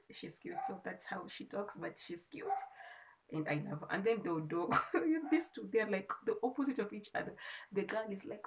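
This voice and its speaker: A woman's voice: medium pitch, expressive, moderate pace, slight background noise, poor audio. A woman with a Kenyan accent, chatting casually and rambling a little as she reviews a movie for her vlog. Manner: chatty and rambling, with frequent restarts. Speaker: vlogger.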